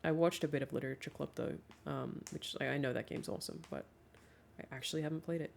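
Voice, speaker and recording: A woman's voice: deep voice, quick pace, creaky, a little mellow, slight background noise. A woman streamer chatting casually, laughing often and rambling through asides.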